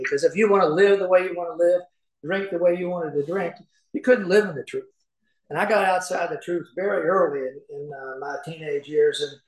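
A middle-aged man from Kentucky telling personal recovery stories in a folksy way, acting out the voices in them. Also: fairly high pitch. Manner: folksy storyteller, acts out voices, chuckles often. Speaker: speaker at a recovery meeting. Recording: echoey room.

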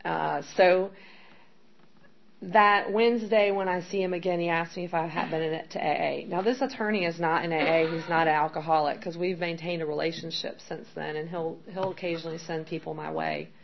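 A woman's voice: fairly low pitch, fairly even intonation, brisk, gravelly, crowd noise. A middle-aged woman candidly telling her recovery story as personal testimony, rambling with many fillers. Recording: dull lo-fi sound with faint background noise.

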